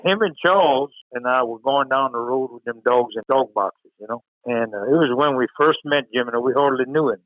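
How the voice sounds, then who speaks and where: A man's voice: medium pitch, a little fast, few pauses, dry recording. Cajun man telling stories, tinny line. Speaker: guest. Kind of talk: casual storytelling. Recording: tinny phone-line sound.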